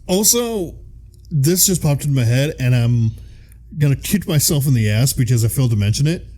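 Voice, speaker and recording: A man's voice: mid-range voice, expressive, moderate pace, warm tone. A man with a Midwestern American accent, chatting casually as a podcast co-host and reading out episode summaries. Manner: casual, laughs often, curses freely.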